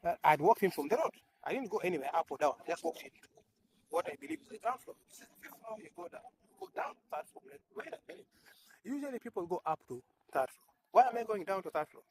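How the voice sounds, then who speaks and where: A man's voice: high voice, sing-song, fast, creaky. A man, a humanitarian health worker, telling a rambling, self-mocking comic story in a casual monologue. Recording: noisy background hiss.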